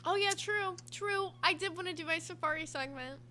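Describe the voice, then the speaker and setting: Female streamer, bright and high, relaxed slangy banter. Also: normal speed, slight background noise. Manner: laid-back, slangy banter. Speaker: stream co-host. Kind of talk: casual reaction-stream chat.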